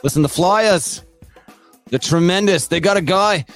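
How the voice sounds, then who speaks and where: A man's voice: sits high, a little slow, faint music behind. A man putting on an Australian accent and playing a showy sports pundit who drags out names. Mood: hammy. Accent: put-on Australian.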